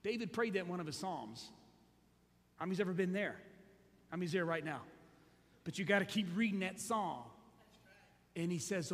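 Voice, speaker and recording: A male pastor preaching a sermon, moving from hushed storytelling to shouted exhortation. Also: sits high, lively intonation, normal speed, long pauses. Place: large church hall. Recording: echoey hall.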